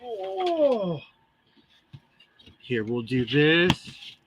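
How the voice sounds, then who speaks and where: Middle-aged man, live-stream host, shrill, slow-paced, lively pitch, casual chat, greets viewers, home sewing room, computer mic. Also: noisy background. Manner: chatty, laughing, greets viewers by name. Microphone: computer microphone.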